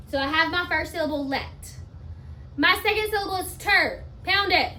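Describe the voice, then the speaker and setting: A woman teacher giving a spelling lesson, talking slowly and emphatically and sounding words out part by part. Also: extremely high pitch, animated, sharp tone, a little hiss or hum. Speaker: elementary school teacher.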